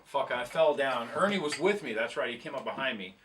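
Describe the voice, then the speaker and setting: A man's voice: medium pitch, lively intonation, a little fast, a bit bright, recorded from a distance, a little hiss or hum. A man telling a long, rambling, profane tour story in casual chat, laughing at himself as he goes. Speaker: guest musician telling tour stories.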